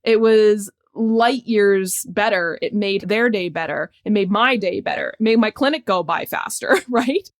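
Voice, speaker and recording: Middle-aged woman doctor, relaxed podcast guest, thoughtful and lively when telling stories. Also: mid-range voice, measured pace, few pauses. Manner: reflective, animated storytelling with laughs. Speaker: podcast guest, sports medicine physician. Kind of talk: casual conversation.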